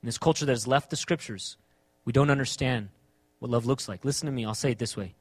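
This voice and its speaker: A man preaching a sermon as pastor, asking the congregation rhetorical questions and swinging between quiet and emphatic delivery. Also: medium pitch, quick pace, breathy edge, no echo.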